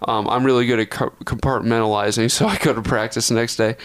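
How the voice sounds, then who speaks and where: A man's voice: medium pitch, fairly even intonation, quick pace, slight background noise. A young man from Texas, a podcast co-host, telling a long story in a rambling, profane way, often correcting himself. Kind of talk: casual storytelling.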